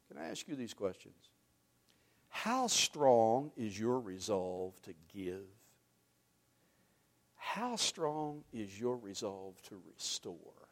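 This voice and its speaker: A man preaching a sermon, animated, swinging from loud emphasis to hushed asides and quizzing the congregation. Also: lowish voice, slow, long pauses. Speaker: pastor.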